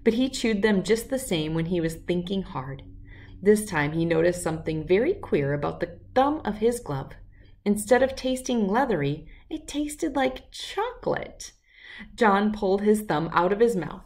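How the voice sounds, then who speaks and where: A woman reading a children's chapter book aloud, telling the story in a clear, expressive way. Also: mid-range voice, moderate pace, far from the mic.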